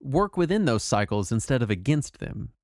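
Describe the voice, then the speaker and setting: Animated man co-hosting a podcast. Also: mid-range voice, moderate pace, no room sound, clean studio sound. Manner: animated, emphatic, with frequent restarts and swearing. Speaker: podcast co-host. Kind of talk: casual podcast chat.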